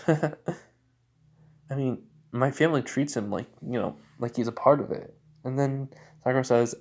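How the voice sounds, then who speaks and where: A man retelling a story in an offhand, rambling way. He keeps stopping to correct himself and leans on filler words. His voice sits at an ordinary, middling pitch. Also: measured pace, darkish tone. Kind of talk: casual retelling of a fan story.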